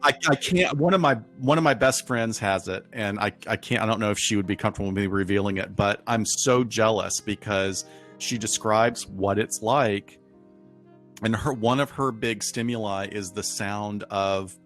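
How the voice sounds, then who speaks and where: A man co-hosting a podcast livestream in casual chat, talking with quick asides and frequent laughs. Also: on the low side, fairly bright tone, soft background music. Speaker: podcast co-host.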